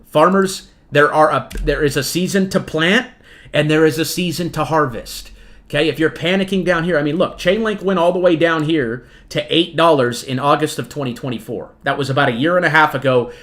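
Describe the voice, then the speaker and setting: A man's voice: fairly high pitch, a bit bright. Emphatic man giving market commentary. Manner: emphatic, repetitive, peppers lines with "okay?" and "right?"; addresses viewers as "folks". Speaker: trading channel host.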